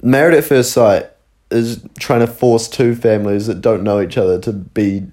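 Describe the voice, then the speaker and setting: Low-voiced young New man telling a story. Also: steady tone, moderate pace, mellow. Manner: rambling, sweary, laughs often. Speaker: podcast co-host. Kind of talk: casual storytelling chat.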